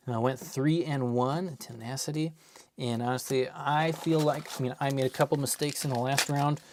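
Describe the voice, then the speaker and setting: Give me a man with an average-pitched voice, chatting casually and muttering to himself while opening card packs on a live stream. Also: noisy background.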